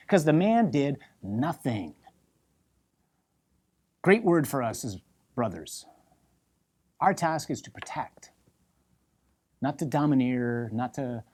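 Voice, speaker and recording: Husky-voiced priest preaching with emphatic repetition. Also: male voice, on the high side. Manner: emphatic, repeating phrases in lists; drops to soft, intimate tone when voicing God's call. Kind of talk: sermon.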